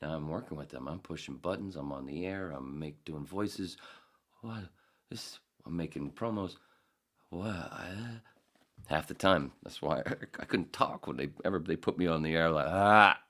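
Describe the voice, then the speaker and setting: A man in his forties hosting a podcast, rambling casually with profane jokes and quick impressions. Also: low-pitched, fairly bright tone. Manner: profane, jokey, slips into impressions. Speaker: podcast host.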